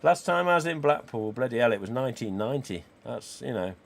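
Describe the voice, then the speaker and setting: A croaky man, chatting casually as a live stream host. He reads viewer comments aloud and answers in a cheeky, easygoing way, with casual swearing. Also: mid-range voice, animated, fairly quick. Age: 40s. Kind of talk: casual livestream chat reading viewer comments.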